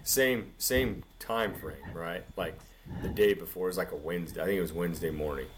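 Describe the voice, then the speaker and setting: A man co-hosting a casual podcast, telling a rambling story in an animated way and saying "dude" constantly. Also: deep voice, brisk, slight background noise. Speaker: podcast co-host.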